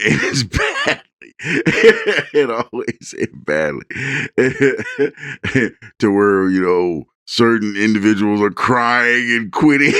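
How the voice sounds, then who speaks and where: A middle-aged man co-hosting a casual chat, telling stories with lively acted-out quotes and frequent laughter. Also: sits low, clear, resonant tone, no room sound, studio quality. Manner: animated storyteller, acts out quotes, laughs often. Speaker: podcast co-host.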